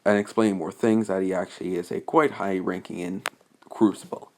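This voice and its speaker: Young man, low-ish voice, unscripted fan story recap, hesitant, rambling delivery. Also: fairly even intonation, moderate pace, dark tone, a little hiss or hum. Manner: rambling and hesitant, many restarts and fillers.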